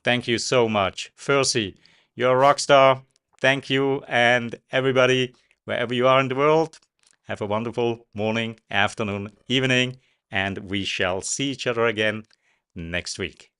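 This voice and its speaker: A man's voice: mid-range voice, fairly even intonation, normal speed, fairly bright tone, smooth. A man hosting an interview, wrapping up with effusive thanks to his guest. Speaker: show host.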